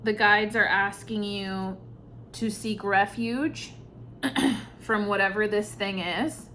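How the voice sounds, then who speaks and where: A woman giving an intuitive tarot reading, speaking softly and reflectively, with sighs and pauses between thoughts. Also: mid-range voice, steady tone, slight background noise. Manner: slow, soft-spoken, reflective, with sighs and pauses. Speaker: tarot reader.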